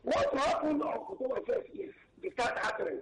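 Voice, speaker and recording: A man with a Nigerian accent calling in to a radio show, talking in an excitable, rambling and emphatic way. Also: extremely high pitch, brisk, echoey room, poor audio. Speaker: caller. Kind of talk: phone-in call.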